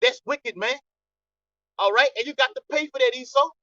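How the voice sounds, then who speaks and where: A man with a very high, bright and forceful voice teaches a scripture study group in a preaching style at normal speed. He ends many lines with "okay?" and frequently stammers and starts over. The recording is distant, dull, lo-fi and dry.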